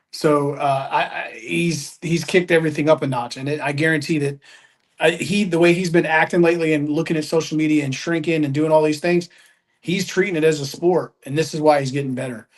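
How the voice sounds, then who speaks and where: A man's voice: fairly high pitch, fairly even intonation, fairly quick. A man commenting as co-host, emphatic and repeating his points. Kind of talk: casual commentary.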